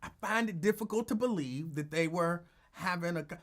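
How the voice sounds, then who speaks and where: A man's voice: high-pitched, a little fast. A male radio talk show host telling a story in a casual, teasing way and acting out the quotes. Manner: animated, teasing, acts out quotes.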